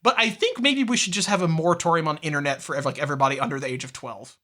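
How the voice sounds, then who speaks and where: Podcast co-host, male, high bright voice, loose profane rambling banter. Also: very fast. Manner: rambling, swears a lot, breaks into laughter. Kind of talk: casual chat.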